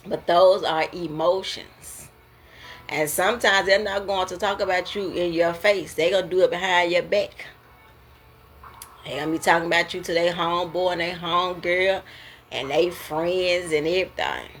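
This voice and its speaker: A woman hosting a casual talk about emotions, preachy and quick to laugh. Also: lowish voice, fairly bright tone. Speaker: host.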